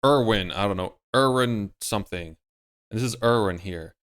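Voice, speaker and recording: A man's voice: on the low side, moderate pace, fairly bright tone, smooth. A man hosting his own commentary video, talking casually in a rambling, emphatic, opinionated way. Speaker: MMA YouTuber host.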